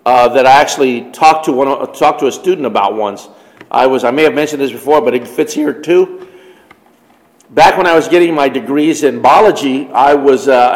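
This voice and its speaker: A man giving an emphatic religious teaching talk on biology, with rising stresses as he tells a story. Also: on the high side. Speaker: Christian teacher lecturing on biology. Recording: long hall reverb.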